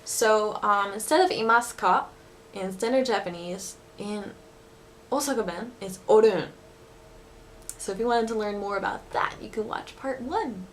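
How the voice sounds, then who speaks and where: A woman's voice: mid-range voice, normal speed, fairly bright tone, slight background noise. A woman giving a casual video lesson on dialect phrases, chatty and giggly, with lots of fillers. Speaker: language vlogger teaching dialect phrases.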